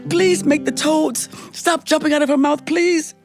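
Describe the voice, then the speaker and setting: A woman's voice: high voice, fairly even intonation, unhurried, a little mellow, faint music behind, voice pushed up. A woman storyteller voicing a kind, plain young peasant girl who begs politely. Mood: pleading. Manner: pleading, sweet, politely begging.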